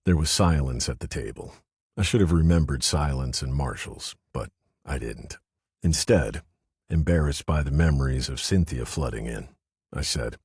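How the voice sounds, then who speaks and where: A man reading a first-person mystery audiobook in a low, subdued way. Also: moderate pace, darkish tone, slightly rough, no room sound, clean studio sound. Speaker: audiobook narrator. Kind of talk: scripted first-person narration.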